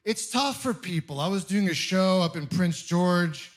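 A young man from Ontario doing a stand-up comedy set in a club, telling self-deprecating, exasperated stories with quick asides. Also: high voice, animated. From Canada (Ontario). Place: comedy club stage with audience laughter.

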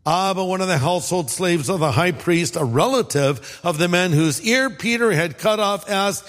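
High-voiced man preaching in an echoing hall. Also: animated, moderate pace, few pauses, a bit bright. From California. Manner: conversational preaching with dramatized quotes. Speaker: pastor. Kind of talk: sermon.

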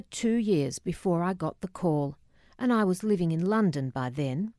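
A middle-aged woman reading a memoir aloud, measured and quietly emotional, voicing the dialogue herself. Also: on the low side, animated, dry recording, clean studio sound. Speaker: narrator.

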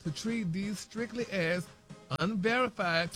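A man reporting celebrity gossip on a radio morning show, in a slow, whispery, tiptoeing delivery and constantly sprinkling in endearments. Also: on the high side, faint music behind. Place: radio studio.

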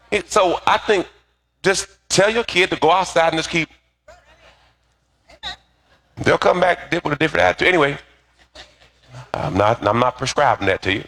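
A man's voice: a little high, unhurried, vocal fry, pauses often. A middle-aged man preaching a sermon, telling stories with animation and calling on the congregation to answer back. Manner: animated storytelling with call-and-response to the congregation. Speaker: pastor.

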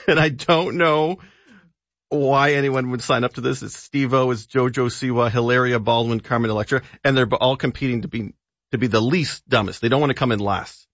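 A man's voice: mid-range voice, moderate pace, a bit bright, dry recording, lo-fi sound. Male radio contributor, casual and laughing, dry close mic. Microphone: studio microphone.

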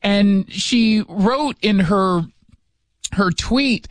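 A man's voice: sits high, animated, normal speed, no room sound. A middle-aged man hosting a radio talk show in a studio, riffing sarcastically and interrupting himself with jokes. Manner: sarcastic, joking, self-interrupting. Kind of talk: casual political commentary.

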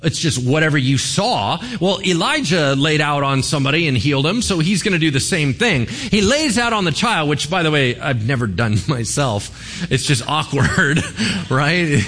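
A pastor preaching a sermon to a congregation, telling a story with humor and acting out voices. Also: male voice, fairly high pitch, expressive, normal speed, a bit bright.

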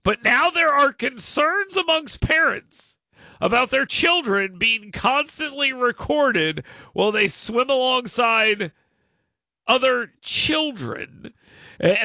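High, lively, gravelly talk radio man. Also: no room sound, studio quality. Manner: ranting, exasperated, stammering restarts. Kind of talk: opinionated talk radio monologue.

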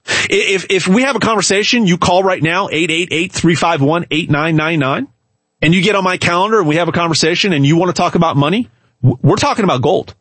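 A man giving an emphatic, hard-selling pitch straight to the viewer, repeating words and restarting often. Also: fast talker, fairly bright tone, husky, no room sound. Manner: emphatic, repetitive, stumbles and restarts. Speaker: gold sales pitchman. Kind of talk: direct-to-camera sales pitch.

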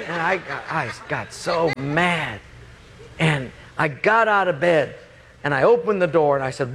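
Preacher guy telling a story in a sermon, kinda high voice, faint room noise behind. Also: measured pace. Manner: animated storyteller, acting out voices; lowers voice to quote God.

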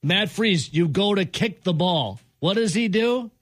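A man's voice: sits high, expressive, measured pace, no room sound. A male sports talk host in an exasperated rant, hammering the same point over and over. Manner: exasperated, repeats points with emphasis.

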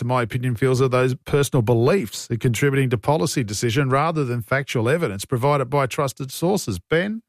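A man's voice: mid-range voice, dry recording, clean studio sound. A man with an Australian accent hosting talkback radio, blunt and exasperated as he takes calls and reads out texts. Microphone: studio broadcast mic.

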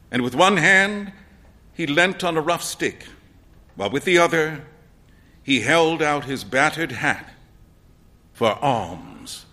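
A man reading a story aloud as narrator, expressive and acting out the dialogue. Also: fairly high pitch.

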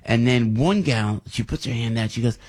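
A man's voice: medium pitch, moderate pace, a little mellow. An older man, host of a talk show, telling a rambling story in casual chat with many restarts and asides.

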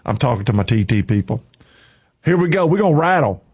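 A man's voice: medium pitch, very animated, brisk, a little mellow, breathy edge, lo-fi sound. A man hosting a Christian radio morning show, out of breath and fervently preaching and exhorting his listeners.

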